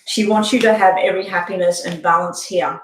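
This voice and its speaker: A tarot reader doing a live reading for a viewer, speaking haltingly with frequent ums. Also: medium pitch, fairly even intonation, slight background noise. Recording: echoey room.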